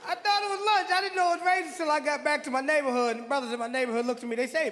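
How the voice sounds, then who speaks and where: A man's voice: very high voice, steady tone, racing, hardly any pauses, a bit bright, some chatter behind, slight background noise. A man telling a self-mocking story on a live stage, chuckling as he goes. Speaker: stand-up guest. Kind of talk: stand-up storytelling. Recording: live hall with audience.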